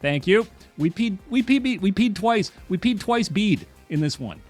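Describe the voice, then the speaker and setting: A man's voice: sits high, animated, normal speed, a little mellow, faint music behind. A man chatting casually on a livestream while doing crosswords, rambling and wry, with lots of "uh" and repeated phrases.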